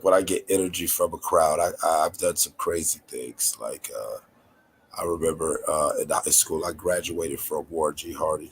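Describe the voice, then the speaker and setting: Man, raspy, nasal, lowish pitch, slangy laid-back chat, podcast host. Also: a little hiss or hum. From North Carolina. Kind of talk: casual chat.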